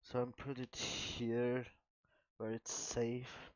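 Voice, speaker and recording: An excitable man talks his viewers through a card pack opening, calling them "guys" between exclamations. His voice sits at an ordinary middle pitch. The recording is dull and lo-fi, with a dry, close sound. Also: takes it slowly, no room sound. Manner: chatty, keeps addressing viewers as guys. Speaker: trading card pack opener. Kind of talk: casual unboxing chat to viewers.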